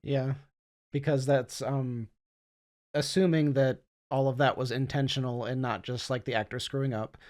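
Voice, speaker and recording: A man co-hosting a casual film podcast, explaining points in a measured way with some fillers. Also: medium pitch, steady tone, darkish tone.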